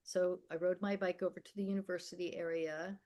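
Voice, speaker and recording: Older guest woman, low voice, candid storytelling, emphatic and vivid. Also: level tone, brisk, mellow. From America and the Philippines. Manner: vivid, emphatic storyteller who acts out quoted dialogue. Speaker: podcast guest.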